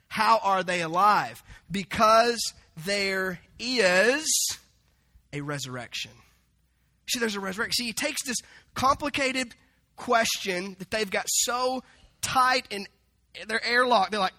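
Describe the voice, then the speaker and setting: A man preaching a sermon, animated and humorous, acting out the people in the story. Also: high voice, moderate pace. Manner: animated, acts out quoted voices with humor. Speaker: pastor.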